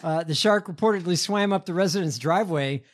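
A man's voice: high voice, a little fast. A man hosting a casual show, reading news headlines with many ums and uhs. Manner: hesitant, filler-heavy, reads stiffly. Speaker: podcast host reading headlines. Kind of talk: casual chat, reading news stories aloud.

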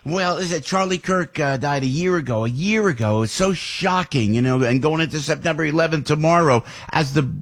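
A man's voice: a little high, fairly quick, few pauses. A man in his sixties hosting a talk radio show, effusive and rambling with jokey asides. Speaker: radio host.

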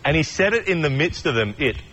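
A man's voice: a little high, very animated, fast, a bit bright, low-quality recording. Chatty man preaching a casual sermon. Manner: chatty, acts out voices in stories. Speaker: pastor.

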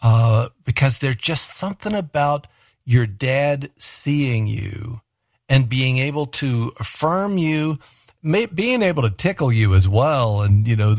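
A man's voice: mid-range voice, no echo. A man hosting a show, reflecting and preaching, quoting scripture. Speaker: host. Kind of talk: devotional talk.

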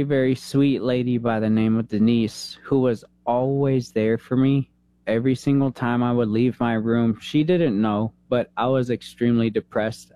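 A man in his thirties, a veteran, telling an emotional personal story in an interview, earnest and halting, holding back tears. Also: mid-range voice, mellow, dry recording. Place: San Antonio, Texas.

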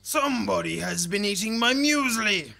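A woman's voice: mid-range voice, expressive, pushed and bright, voice pushed up, full character voice. Woman doing a growly papa koala. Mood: grumbling. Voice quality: gravelly, growly. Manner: slow, bellowing. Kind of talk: storybook reading.

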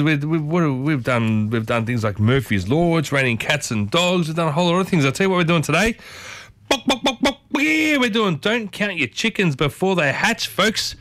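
Chatty radio host, dry studio sound. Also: male voice, a little high, a bit bright, no echo. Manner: chatty, rambling with restarts, playful asides. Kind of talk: casual morning radio chat. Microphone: studio microphone.

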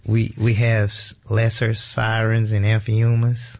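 A man's voice: on the low side, monotone, a little slow, darkish tone, a little hiss or hum. A man working as a museum educator, a guest on a radio interview who explains things in an easygoing way.

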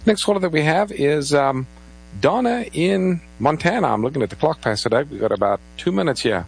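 On a rough recording, this live call-in Bible radio co-host takes calls and reads out phone numbers with a lively, lilting delivery. He speaks a little fast in a slightly high, gravelly, husky voice.

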